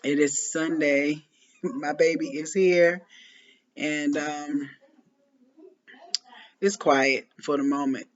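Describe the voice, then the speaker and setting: A woman's voice: low-pitched, fairly even intonation, slow pace, long pauses. A woman in her forties, a former preschool teacher, chatting casually to camera with a loose, laughing manner and many ums and restarts. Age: 40s. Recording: muffled lo-fi audio.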